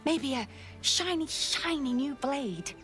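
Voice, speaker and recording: Gushing young shop clerk, video game, very high voice, faint music behind. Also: female voice, expressive, slow, fairly bright tone, full character voice. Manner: bubbly, gushing, sing-song sales pitch.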